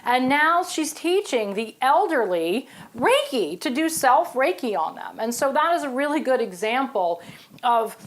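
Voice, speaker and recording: A woman, a psychic guest, telling stories in a lively, chatty way. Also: unhurried. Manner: animated, storytelling, exclaims in high bursts. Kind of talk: casual interview talk.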